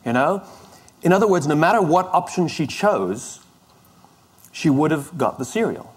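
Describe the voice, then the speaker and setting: A man's voice: on the high side, very animated, a little fast, breathy edge. Man telling a funny travel story. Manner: conversational, self-deprecating, with frequent restarts. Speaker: speaker. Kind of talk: storytelling talk.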